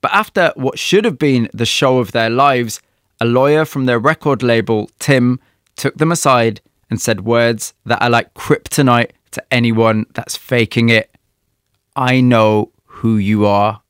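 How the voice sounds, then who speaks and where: A man's voice: mid-range voice, a little slow, fairly bright tone, dry recording. Male interviewer, probing questions, documentary narration, dry close mic.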